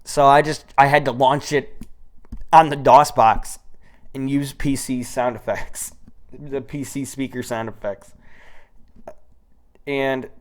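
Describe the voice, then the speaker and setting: A man's voice: mid-range voice, takes it slowly, long pauses. American guy in his 20s rambling thru a story, swears a lot, old mic. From United States. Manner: rambling, profane, animated retelling. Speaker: solo storyteller. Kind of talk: casual storytelling monologue. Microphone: old microphone.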